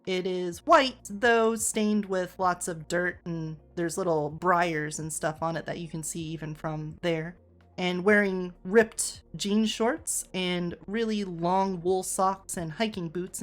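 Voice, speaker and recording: A woman's voice: on the low side, a little slow. A woman narrating a tabletop game as game master, describing the scene in detail.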